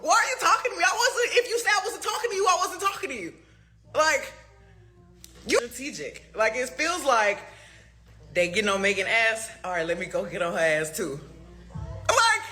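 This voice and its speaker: Animated high-voiced woman ranting. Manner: profane, rapid-fire rhetorical questions; animated, with laughing asides. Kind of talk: heated social media rant.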